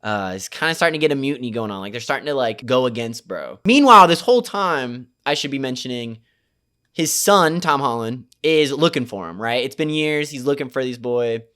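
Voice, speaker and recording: Young man, casual movie recap, slangy, profane, rambling, smooth clear voice. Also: mid-range voice, expressive, a little fast, fairly bright tone. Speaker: movie reviewer.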